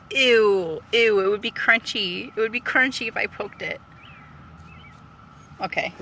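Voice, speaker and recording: A woman talks into her phone from a parked car, squealing and exclaiming as she frets. Her delivery is unhurried, with drawn-out words between the outbursts. Faint traffic noise hums behind her. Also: medium pitch, fairly bright tone. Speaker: vlogger. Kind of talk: casual live-stream chat.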